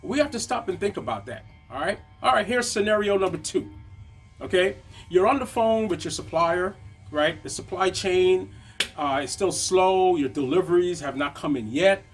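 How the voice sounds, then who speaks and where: Brief: male business coach, slightly high voice, chatty lesson delivery, soft music beneath. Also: lively intonation, normal speed. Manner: conversational, frequent tag questions "right?". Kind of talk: motivational lesson.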